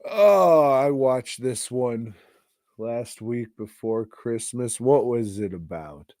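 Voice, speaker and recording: A man's voice: mid-range voice, expressive, takes it slowly, mellow, dry recording, clean studio sound. A man co-hosting a podcast, giving a rambling, profane and exasperated movie review in casual chat. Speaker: podcast co-host.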